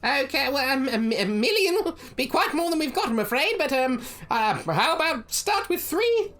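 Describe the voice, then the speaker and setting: A bubbly little gnome lady selling food at a market stall, as a game master puts her on, her voice pitched far up and bright. She fusses politely over each order, peppered with little ums. The sound is of a tabletop role-play session. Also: very animated, normal speed, faint music behind. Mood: chirpy. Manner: polite, chirpy, hesitant with ums. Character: cheerful fussy female gnome food seller.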